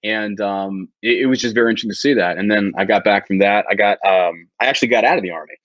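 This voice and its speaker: A man's voice: lowish voice, fast talker, fairly bright tone, no room sound, dull audio. A man, a retired Army infantryman, telling war stories on a podcast in a brash, profane way, often slipping into mocking voices. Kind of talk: casual podcast chat with profane storytelling.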